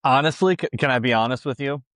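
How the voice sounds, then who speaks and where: A man's voice: medium pitch, fast, a bit bright, no room sound. A man from Buffalo co-hosting a podcast, chatty and teasing in casual talk. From Buffalo, New York. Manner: chatty, teasing, laughs easily. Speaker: podcast co-host. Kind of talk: casual chat.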